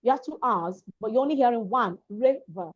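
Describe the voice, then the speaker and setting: A diction and public speaking coach from Lagos, Nigeria, explains things emphatically in an interview, repeating her key points. Her voice is a little high, animated and slightly fast, and the recording sounds dull and lo-fi.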